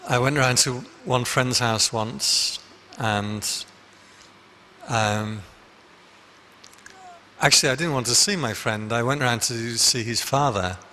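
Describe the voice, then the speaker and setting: A Buddhist monk gives a conversational dharma talk in a meditation hall, packed with anecdotes and frequent restarts. His medium-pitched voice sounds pushed and bright, and he speaks slowly with many pauses. A little hiss or hum is audible.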